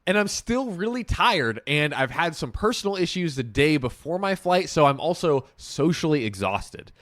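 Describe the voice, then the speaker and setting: A man's voice: a little high, big pitch swings, normal speed, fairly bright tone, no echo, studio quality. A young man co-hosting a casual chat, reading a story aloud and then talking it over in a laid-back way.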